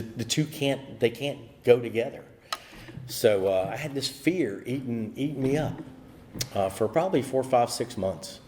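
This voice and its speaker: Speaking with a mid-range, darkish voice, this American AA speaker shares his personal recovery story, wandering off track and restarting often amid plenty of fillers. A little hiss or hum runs under the recording.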